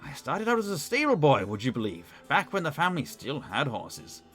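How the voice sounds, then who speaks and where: A man's voice: a little high, huge pitch swings, fairly quick, a bit bright. A man with a Northern English accent reading the lines of an old, evasive male butler in a formal, polite manner, with faint music behind. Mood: courteous. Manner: polite, formal, read aloud.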